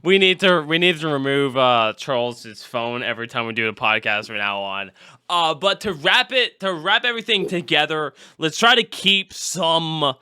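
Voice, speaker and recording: A man's voice: on the high side, normal speed, clear, resonant tone. A man hosting a podcast in casual chat, telling stories animatedly and acting out quotes. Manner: animated storytelling, acts out quotes. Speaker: podcast host.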